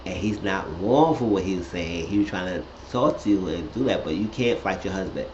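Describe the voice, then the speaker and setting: A man casually recapping a reality show, animated and profane, often jumping into high shrieky voices for quoted lines. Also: brisk. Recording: roomy, dull lo-fi audio with faint hiss.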